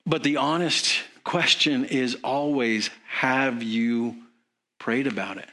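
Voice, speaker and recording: A man's voice: mid-range voice, slow, bright, forceful tone. A man preaching a sermon in an earnest, conversational way, asking his congregation questions. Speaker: pastor.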